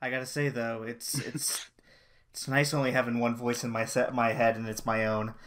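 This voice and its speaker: A man's voice: mid-range voice, little pitch movement, moderate pace, a bit bright. A man playing a tabletop game, chatting casually in a joking, exasperated way with some swearing. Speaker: player.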